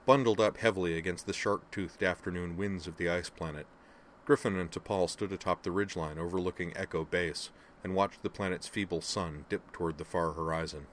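A man narrating fiction aloud in a steady, even storytelling manner. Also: deep voice, brisk, hardly any pauses, slight background noise. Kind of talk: audiobook fiction reading.

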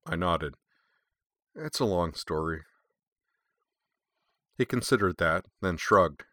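A man's voice: low voice, expressive, a little slow, pauses often, pushed and bright, dry recording, studio quality. A man narrating a first-person audiobook in a wry, sardonic tone.

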